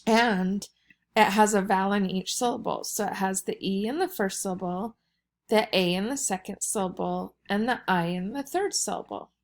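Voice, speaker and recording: A woman teacher talking through a recorded vocabulary lesson for young students. She explains each word slowly and patiently, at an everyday middle pitch. A gravelly fry runs under her voice.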